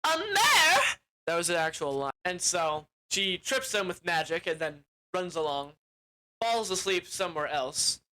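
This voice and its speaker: A man's voice: a little high, normal speed, bright, forceful tone, poor audio. A man giving a casual, rambling movie recap as a reviewer, full of fillers.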